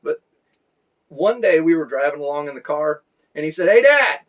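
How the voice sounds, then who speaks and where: A man in his forties giving a conversational story sermon, reflective and unhurried, with fillers. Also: a little high, darkish tone. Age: 40s. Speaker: pastor.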